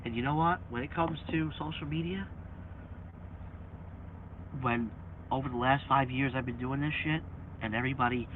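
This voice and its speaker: A man's voice: medium pitch, moderate pace, long pauses. A man vlogging about his truck in a casual, profane rant, swearing freely and mocking his critics. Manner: swears freely, mocks critics with sing-song voices. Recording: tinny phone-like audio with faint hiss.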